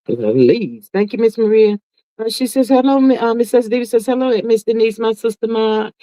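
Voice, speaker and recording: A woman hosting a casual livestream, reading viewer comments aloud and reacting in a sassy, drawn-out way, calling everyone "child" and "honey". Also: fairly high pitch, warm tone, no room sound. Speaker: livestream host. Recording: dull, lo-fi, dry sound.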